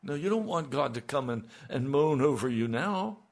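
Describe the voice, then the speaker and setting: Gravelly-voiced man preaching a sermon. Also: medium pitch, animated, moderate pace. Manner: rhetorical questions to the congregation, rising to emphatic peaks.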